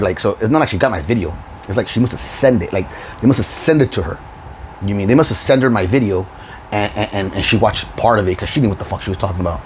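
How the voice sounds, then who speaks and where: A man's voice: lowish voice, fast talker, slight background noise, rough recording. A man hosting his own video channel, delivering a profane, confrontational rant with frequent laughs. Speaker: YouTube channel host. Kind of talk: ranting vlog monologue.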